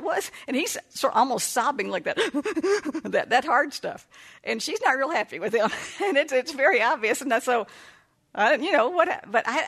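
An older woman, a grandmother and counselor, telling a family story in a chatty way, laughing often and acting out what people said. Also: a little high. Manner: warm, chatty, laughs often and acts out quoted voices. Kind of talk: casual storytelling talk.

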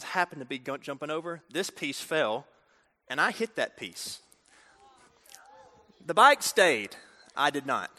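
A man preaching a storytelling sermon, talking directly to the audience in an animated way. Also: fairly high pitch. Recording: reverberant hall.

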